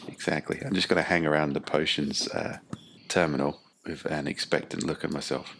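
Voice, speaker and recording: A man's voice: a bass voice, fairly even intonation, brisk, a bit bright, slight background noise. A man playing a tabletop game, chatting casually with dry, profane asides. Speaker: player.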